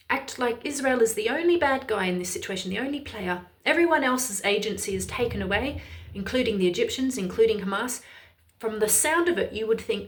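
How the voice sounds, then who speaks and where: An Irish woman delivers ranting political commentary to camera. Her voice sits at a middling pitch, and she sounds heated, emphatic and openly exasperated. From Ireland.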